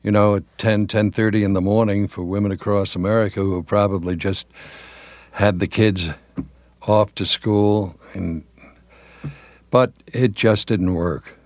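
Older man, veteran announcer, low voice, slow, halting with fillers, dry studio sound. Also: steady tone, dry recording. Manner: halting, many fillers and restarts, drops into announcer voice for quotes. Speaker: television announcer, guest. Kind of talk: reminiscing interview.

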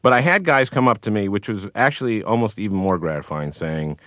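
A man, a guest comedian, telling anecdotes in a radio interview, with halting restarts and chuckles. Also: on the low side, lively intonation, fairly bright tone, dry recording.

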